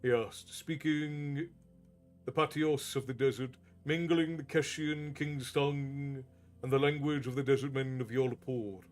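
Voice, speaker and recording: A man telling a fantasy story as a steady, measured storyteller. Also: mid-range voice. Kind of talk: reading a fantasy novel aloud. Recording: faint background music.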